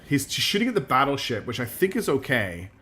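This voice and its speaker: A man's voice: medium pitch, sing-song, fairly quick, pushed and bright. A man streaming a strategy game, chatty and self-deprecating, thinking aloud as he plays. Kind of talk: live gameplay commentary.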